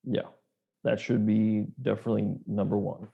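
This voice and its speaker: A man's voice: on the low side, flat delivery, moderate pace, gravelly, breathy edge, phone-quality sound. A man co-hosting a podcast in loose, rambling casual chat, swearing and acting out quotes. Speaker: podcast co-host.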